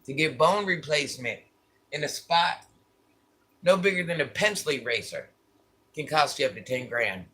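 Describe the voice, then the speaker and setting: A man tells a personal story straight to his viewers in a casual, candid vlog. His voice sits a little high, with a bright, tense edge and a husky grain. He repeats phrases to drive his points home. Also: animated, moderate pace, pauses often. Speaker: vlogger.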